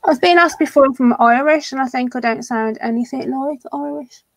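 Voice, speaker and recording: A woman with a high, light voice chatting casually with a friend. She speaks in a relaxed, agreeable way, easing into her points. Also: a little fast, slight background noise. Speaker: co-host. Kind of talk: casual chat.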